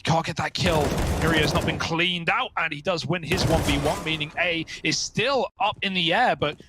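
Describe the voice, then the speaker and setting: A man's voice: fairly high pitch, normal speed, heavy background noise. A man commentating a live esports match, with a playful, joking manner.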